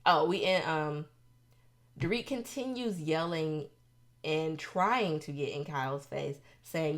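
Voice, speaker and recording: Woman host, lowish voice, sassy casual recap delivery. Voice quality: expressive, sassy, with quick asides.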